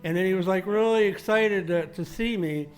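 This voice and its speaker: High-voiced man rambling on stage. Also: faint music behind. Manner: halting, repeats words, deadpan tall tales. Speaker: musician at an open mic jam.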